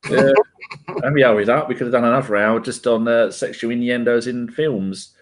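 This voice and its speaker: A man's voice: mid-range voice, fairly even intonation, a little fast. A man, co-hosting a casual podcast chat, joking and laughing often. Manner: jokey, laughs often, banters. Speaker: podcast co-host.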